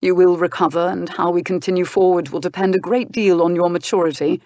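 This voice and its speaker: An older uncle, guardian and steady boxer, is voiced for an audiobook by a woman with a low, natural voice. Her delivery is firm and measured with a dry mocking edge, and the recording is close, muffled and echo-free.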